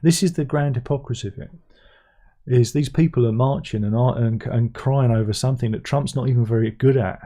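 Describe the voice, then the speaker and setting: A man's voice: mid-range voice, a little fast, warm tone. A man hosting a casual livestream chat, rambling and sardonic, often restarting his sentences. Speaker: livestream host.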